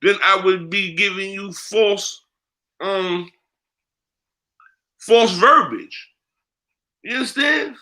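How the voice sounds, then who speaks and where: This American man is a guest on a candid interview, a spiritual priest who talks bluntly, full of heavy profanity and street slang. His voice is high and sharp in tone, and he speaks slowly, pausing often.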